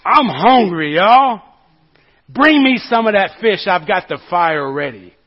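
A man's voice: high voice, animated, takes it slowly, husky, heavily acted. A male pastor acting out an easygoing, folksy grown man calling instructions from the shore during a sermon. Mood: relaxed. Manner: casual, folksy. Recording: dull lo-fi recording.

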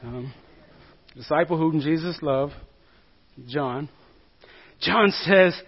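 High-voiced pastor retelling a Bible story. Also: male voice, slow, pauses often, husky, highs cut off. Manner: storytelling with acted quotes and jokes, swinging loud and soft. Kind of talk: sermon.

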